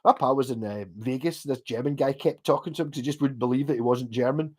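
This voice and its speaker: Reading his livestream chat, this middle-aged Glaswegian rambles casually, swearing and using plenty of fillers. His Scottish-accented voice is medium-pitched, darkish and husky, and he talks at a quick pace.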